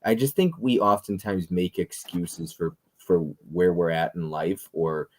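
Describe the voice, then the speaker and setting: A man's voice: deep voice, measured pace, a little mellow. A man in his thirties hosting a casual chat, blunt and opinionated, swearing freely. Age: 30s. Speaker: podcast host.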